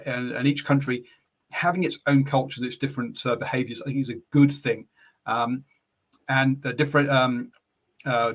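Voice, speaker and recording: A man with an English accent hosting a casual sports chat over an online call, talking loosely with many fillers and restarts. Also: medium pitch. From England. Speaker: podcast host.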